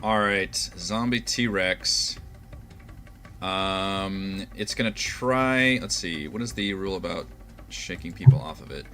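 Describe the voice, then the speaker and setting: A man narrating and running a tabletop game as dungeon master, relaxed and laughing often. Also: low voice, takes it slowly, soft background music.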